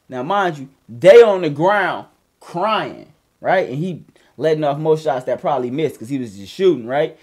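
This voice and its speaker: A man casually telling a story on a podcast, profane and animated, with loud bursts as he acts it out. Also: fairly high pitch, moderate pace, husky.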